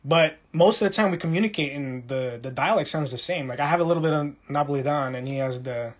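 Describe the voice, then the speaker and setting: Husky young New man chatting live. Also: on the high side. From Brooklyn, New York. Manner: playful, teasing, quick asides to chat. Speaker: livestream host reading chat. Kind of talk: casual livestream chat.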